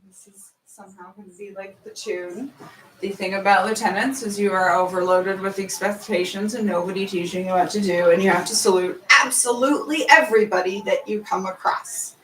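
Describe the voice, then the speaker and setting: A woman pitching her musical in casual chat, breaking into sung and chanted lyrics. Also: steady tone, a little fast, a bit bright, far from the mic, slight background noise. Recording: roomy, from off mic.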